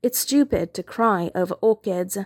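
A woman reads a novel aloud as a narrator, measured and gentle, with a mid-range voice. The recording is close and dry, with no room sound at all. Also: mid-range voice, no room sound. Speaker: audiobook narrator. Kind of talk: scripted narration.

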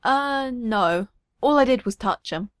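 A woman's voice: on the high side, lively intonation, takes it slowly, no room sound, studio quality. A woman reading aloud, voicing a cheerful young girl who answers in a shrugging, childlike way. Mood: puzzled.

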